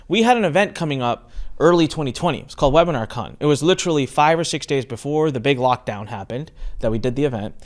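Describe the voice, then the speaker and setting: A middle-aged man hosting a podcast, telling a story with lively acted-out exchanges in casual chat. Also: medium pitch. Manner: animated storyteller, acts out quoted exchanges. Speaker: podcast host.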